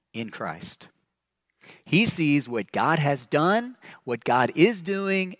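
A man preaching a sermon as pastor, earnest and emphatic, with frequent restarts and phrases that trail off soft and low. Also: no room sound, studio quality.

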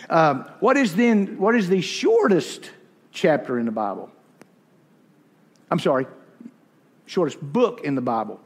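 This sermon comes from a man whose voice sits on the higher side, recorded with a big-room sound inside a church. Poking fun at himself in a folksy way, he weaves humorous personal stories into his preaching.

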